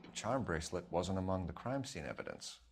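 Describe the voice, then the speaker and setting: Courteous 1940s game detective, lower voice, faint noise behind. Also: male voice, wildly swooping pitch, brisk, vocal fry, heavily acted. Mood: formal. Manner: polite, formal. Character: earnest young male 1940s detective, polite and formal. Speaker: police detective. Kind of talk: video game dialogue.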